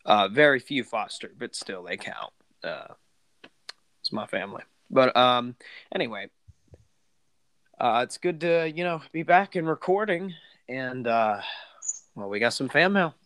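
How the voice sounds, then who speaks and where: Podcast host guy rambling along, lots of ums, smooth voice, dry close mic. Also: medium pitch, animated, a little slow, long pauses, fairly bright tone, no room sound. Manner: rambling, many fillers and restarts. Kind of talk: casual podcast chat.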